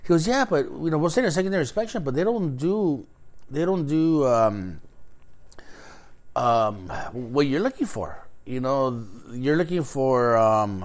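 A man's voice: medium pitch, measured pace. A man casually telling a long story in a chat, swearing freely and acting out both sides of quoted exchanges. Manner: profane, animated, acts out quoted exchanges.

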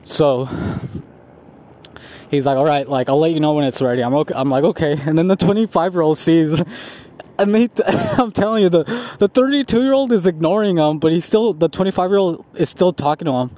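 Dark-voiced young man telling a rambling story. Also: on the high side, brisk. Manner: rambling, profane, laughing often. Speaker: vlogger. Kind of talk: casual storytelling.

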